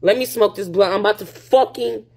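A woman's voice: medium pitch, brisk, gravelly, a little mellow. A young woman on a livestream, venting in a heated, profane rant and sounding upset, close to tears.

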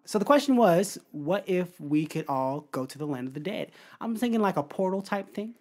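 A woman's voice: on the low side, expressive, moderate pace, a little mellow. A young woman co-hosting a laid-back podcast chat. She talks freely, laughs often and slips into playful acted-out bits as she goes. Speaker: podcast co-host. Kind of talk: casual chat.

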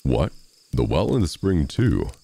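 Big dumb giant growling slow and gravelly, a guy putting it on, storybook reading, super deep. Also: big pitch swings, warm tone, heavily acted. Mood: fearful. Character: huge dim-witted male giant, booming then timid.

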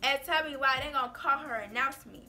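A woman vlogger telling a school story in a casual, animated, sassy way, full of "like" and "baby". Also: sits high, a little fast, faint music behind.

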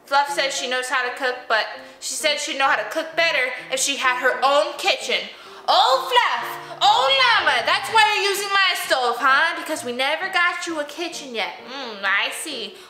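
A woman's voice: high voice, animated, normal speed, bright, forceful tone, soft background music. A woman vlogging playfully with her toy llamas, talking to them in a bubbly, sing-song way. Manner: bubbly, sing-song, talks to toys in baby talk. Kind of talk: playful kids' toy vlog narration.

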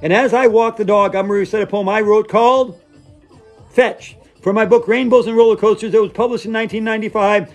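This is a man voicing an over-earnest yoga instructor lady who gushes through her poses and mantras. Her voice sits high and drifts into breathy, drawn-out chanting. Soft music plays faintly behind her. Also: fairly even intonation. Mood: dreamy. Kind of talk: comic yoga class sketch.

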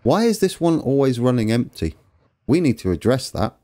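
A man's voice: medium pitch, very animated, moderate pace, dark tone. A man hosting a let's play, chatting casually and poking fun at his own mistakes while he talks to viewers. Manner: self-deprecating, chatty, talks to viewers while fixing trains. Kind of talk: casual gameplay commentary.

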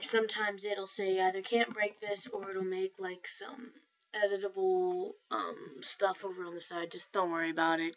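Rambling lower-voiced woman, lo-fi mic. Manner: rambling, self-correcting, filler-heavy. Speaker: software tutorial maker. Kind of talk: casual screen-recorded tutorial. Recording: dull lo-fi mic with faint noise.

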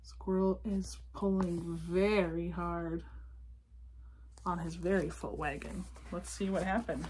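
A woman reading a picture book aloud to children, gently asking them questions about the pictures. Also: fairly low pitch, fairly even intonation, slow, husky. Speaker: children's storybook reader.

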